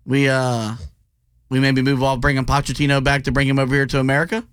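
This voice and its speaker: A man's voice: mid-range voice, little pitch movement, fast talker, a bit bright, clear, resonant tone. A man co-hosting a sports radio show, chiming in with dry wisecracks.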